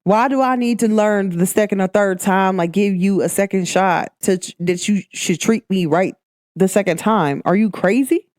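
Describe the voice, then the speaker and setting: A woman's voice: mid-range voice, moderate pace, darkish tone, dry recording, clean studio sound, lightly acted. A woman playing a self-pitying male ex-partner who pleads to be let back in. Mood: pleading.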